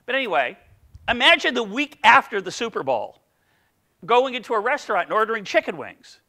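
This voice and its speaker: A man's voice: very high-pitched, very animated, moderate pace, pushed and bright. A middle-aged man giving an economics seminar lecture, playful and full of questions for the audience. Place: lecture room.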